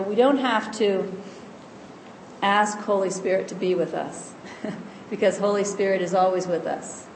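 A woman giving a calm, gentle spiritual teaching, explaining and slowing down to stress key lines. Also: fairly low pitch. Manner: calm, gentle and explanatory, often slows for emphasis. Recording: echoey room with faint background noise.

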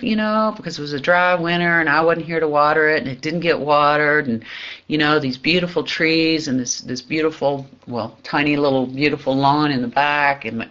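A man giving a reflective spiritual talk, pausing often, searching for words and laughing softly now and then. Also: a little high. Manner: halting, searching, with soft laughs and frequent pauses. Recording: dull lo-fi recording.

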